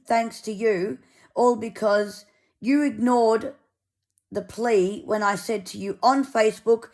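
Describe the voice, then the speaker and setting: A woman ranting angrily, sweary and sarcastic. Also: on the high side. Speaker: vlogger. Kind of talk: angry rant to camera.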